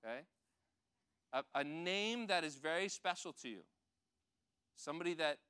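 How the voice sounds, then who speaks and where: A man giving a gentle, conversational sermon, talking to the children and the adults in the congregation. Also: on the high side, lively intonation, moderate pace, long pauses, clear, resonant tone. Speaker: pastor. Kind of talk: children's sermon with audience participation.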